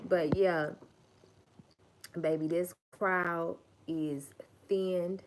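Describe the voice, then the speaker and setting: A woman's voice: on the low side, a little slow, a little hiss or hum. A woman hosting a livestream, giving an emphatic, profane and repetitive motivational talk. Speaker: livestream host.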